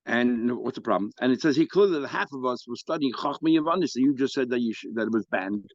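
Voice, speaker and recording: A male rabbi teaching a Talmud lesson at an even, ordinary pitch. He explains the text line by line and gets louder and higher as he reads the quoted passages. The sound is dry and a little dull. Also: fast talker, dry recording. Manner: explanatory, rises in pitch and volume when reading quoted Aramaic. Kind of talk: daily Talmud class. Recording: dry, slightly dull recording.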